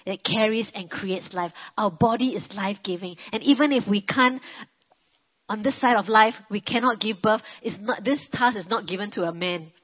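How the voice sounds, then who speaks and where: A woman's voice: medium pitch, moderate pace. Middle-aged woman telling her story in a sermon, earnest, sounds like a phone line. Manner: earnest, storytelling, frequent fillers and restarts. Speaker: preacher. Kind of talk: personal testimony sermon.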